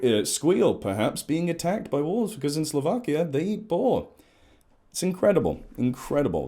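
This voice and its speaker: A man's voice: a little high, dark tone. A man, an ecologist chatting at length and in a rambling way as he explains to camera.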